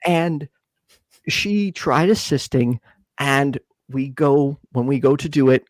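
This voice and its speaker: A man in his twenties co-hosts a casual podcast, telling a story in an animated way and acting out quotes in a raised, high voice. He speaks slowly, and there's no room sound.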